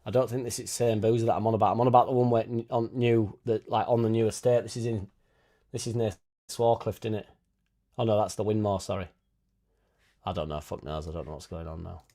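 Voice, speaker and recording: A man's voice: on the low side, fairly even intonation, fairly quick, long pauses, warm tone. A man hosting a casual live stream, reading out chat and swearing freely as he talks. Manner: swears freely, chatty, tag questions like innit. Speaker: fan channel host reading live chat.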